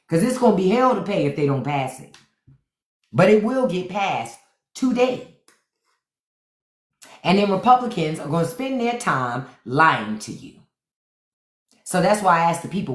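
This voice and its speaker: A woman's voice: mid-range voice, reverberant. Profane sarcastic woman ranting live. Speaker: podcast host on a live stream. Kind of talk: unfiltered political rant to live chat. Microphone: phone.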